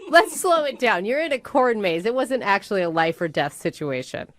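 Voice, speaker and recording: A woman's voice: medium pitch, lively intonation, normal speed. A woman co-hosting a radio show, frank and skeptical, talking the caller down with bubbly energy. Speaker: radio co-host.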